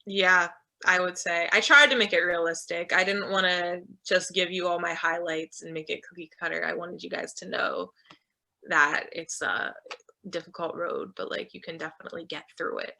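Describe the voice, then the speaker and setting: A woman's voice: on the low side, fairly even intonation, moderate pace, gravelly, pushed and bright. A young woman in her twenties speaking as a guest on a video call, candid and chatty with lots of "like". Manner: candid, chatty, says "like" often. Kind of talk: casual chat.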